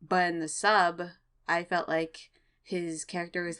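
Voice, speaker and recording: A woman's voice: lowish voice, flat delivery, unhurried, a bit bright, clear, resonant tone. A woman co-hosting a casual anime podcast, giggly and playful. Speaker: podcast co-host. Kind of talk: casual anime recap chat.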